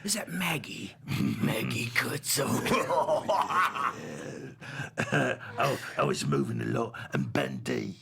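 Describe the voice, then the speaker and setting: A man doing gravelly hungry giant voices. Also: mid-range voice, huge pitch swings, takes it slowly, a crowd in the background, exaggerated voice. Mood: gruff banter. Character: gruff hungry male giants reading names. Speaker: guest actor.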